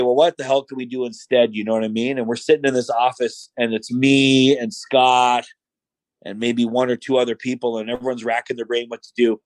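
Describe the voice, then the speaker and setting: This podcast guest is a middle-aged man with a medium-pitched voice who tells stories casually and performs quoted lines in different voices. He says "like" and "you know" a lot. The recording has no echo but sounds rough.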